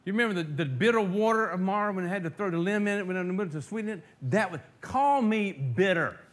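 A man with a slightly higher voice preaches a sermon, swinging from quiet, confiding asides to loud, drawn-out readings of scripture. He calls the listeners friends and often restarts his sentences. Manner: rises to loud emphatic reading of scripture, drops to soft asides; repeats words and restarts, addresses congregation as friends. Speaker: pastor.

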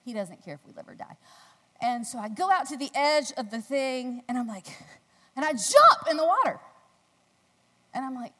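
A woman from the United States giving a devotional talk, telling a personal story with animated delivery and acting out the voices in the story. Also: moderate pace, long pauses. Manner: animated storytelling, acting out quotes in a squealing high voice. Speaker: speaker at a faith gathering. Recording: long hall reverb.

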